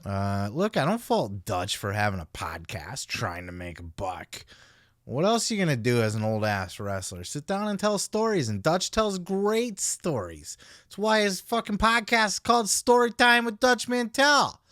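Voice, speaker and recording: A man's voice: a little high, big pitch swings, normal speed, a bit bright, dry recording, studio quality. A man hosting a podcast, giving blunt, profane, opinionated commentary into a podcast microphone. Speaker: podcast host.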